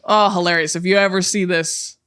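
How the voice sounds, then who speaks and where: A woman's voice: lowish voice, brisk, clean tone. Young woman on a podcast telling a story, swears a lot, does little yelps for the people in it. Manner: animated storyteller who acts out people's yelps and swears freely. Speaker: podcast co-host. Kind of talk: casual storytelling chat.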